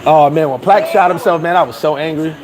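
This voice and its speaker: A man's voice: fairly high pitch, fast talker, low-quality recording. A man, hosting and telling profane, laughing stories in casual chat. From New York. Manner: animated, profane, laughing storyteller. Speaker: host. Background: crowd chatter.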